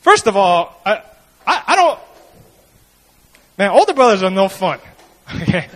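A man's voice: high-pitched, unhurried, poor audio. A man preaching a sermon in a conversational way, often acting out the people he quotes. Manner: conversational, animated, acts out quoted voices. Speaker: pastor.

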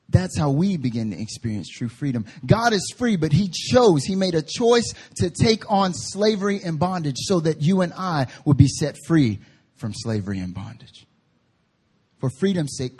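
A man preaching a sermon as pastor, with emphatic slow stresses and playful asides. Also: fairly high pitch, a little mellow, breathy edge. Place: church service.

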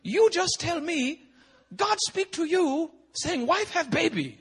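Man doing an older-sounding male pastor, high raised voice, clipped broken phrasing, emphatic. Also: sing-song, takes it slowly, fairly bright tone, heavily acted. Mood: insistent. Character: insistent Chinese male pastor, broken English.

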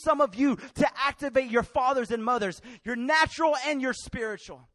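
High-voiced passionate young male preacher. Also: normal speed, hardly any pauses, no echo. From Mexican family. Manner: passionate, swings from loud to hushed. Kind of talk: sermon.

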